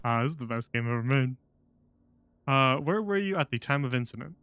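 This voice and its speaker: A man's voice: medium pitch, lively intonation, unhurried, a bit bright, dry recording. A man streaming a game live, with sarcastic, joking commentary and frequent laughs.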